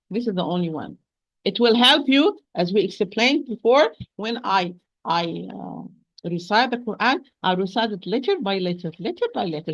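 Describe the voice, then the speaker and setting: A woman teaching Quran recitation in an online lesson, patient and repetitive, slowing down to demonstrate each sound. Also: mid-range voice, a bit bright, highs cut off. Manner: patient, repeats corrections, slow demonstrations.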